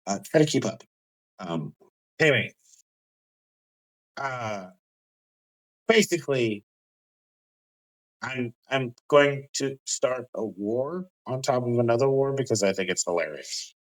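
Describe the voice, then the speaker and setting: A man's voice: medium pitch, animated, slow, long pauses, rough recording. A man voicing a mischievous male trickster god who talks smugly and finds chaos funny in a tabletop game. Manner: smug, amused, chaotic.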